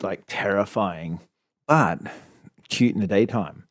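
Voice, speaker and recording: A man's voice: lowish voice, unhurried, a little mellow, dry recording, clean studio sound. A man with an Australian accent, co-hosting a casual podcast and telling rambling stories with a laugh. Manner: rambling, chatty storytelling, laughs often. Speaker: podcast co-host. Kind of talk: casual chat.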